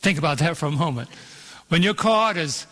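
A man preaching a sermon as pastor, emphatic, slowing down for scripture and calling for "Amen" from the congregation. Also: a little high, animated, fairly bright tone. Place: church auditorium. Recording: long hall reverb in an auditorium.

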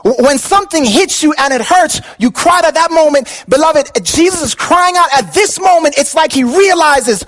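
High-voiced man preaching with passion. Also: expressive, moderate pace, few pauses, fairly bright tone, poor audio. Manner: impassioned preaching, asks the congregation questions, repeats words. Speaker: pastor. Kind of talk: sermon.

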